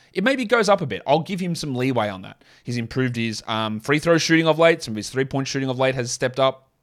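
A man with a non-American accent and a medium-pitched, slightly bright voice hosts a fantasy basketball show. He talks through his picks alone in a chatty, opinionated way, tossing in quick asides and an ad read.

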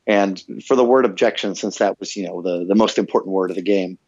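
Middle-aged male guest, low voice, animated storyteller who acts out quotes; dry, muffled recording. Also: quick pace, no echo. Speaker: guest, former game localizer and voice actor. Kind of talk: casual storytelling interview. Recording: dull, slightly muffled dry sound.

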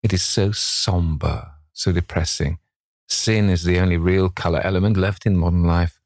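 Man doing a lazy witty cynical toff, deep voice, dry close sound. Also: fairly even intonation, normal speed, a little mellow, no room sound. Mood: languid. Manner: languid, drawling epigrams. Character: languid witty cynical aristocratic gentleman.

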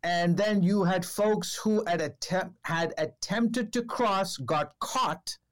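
A man, a television reporter, telling a story in a casual podcast chat, with lots of fillers and restarts, and acting out the people he quotes. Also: takes it slowly. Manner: acts out quoted exchanges with raised pitch.

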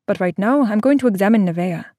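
A woman voicing a calm, firm female doctor in an audiobook, speaking in measured, even tones. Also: medium pitch, dry recording, clean studio sound, lightly acted. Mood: insistent. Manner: measured, even, growing sharp and insistent. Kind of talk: audiobook character voice.

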